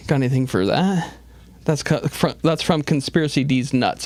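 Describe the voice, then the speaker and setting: A man's voice: medium pitch, moderate pace, a little mellow. A man hosting a comedic call-in show, rambling through silly stories. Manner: rambling, playful storytelling. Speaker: host. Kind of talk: comedic talk show riffing. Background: music.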